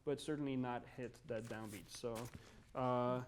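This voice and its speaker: A man's voice: medium pitch, fairly even intonation, a little slow, slight background noise. A man coaching a chamber music group in a master class, encouraging and singing phrases on nonsense syllables to show what he means. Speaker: violin coach.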